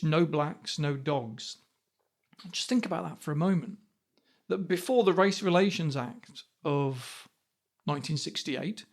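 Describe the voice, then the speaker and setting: A man's voice: high-pitched, a little mellow. A man in his fifties hosting a podcast, talking through ideas and asking rhetorical questions. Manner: conversational, asks rhetorical questions. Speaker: podcast host. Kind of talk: reflective podcast monologue.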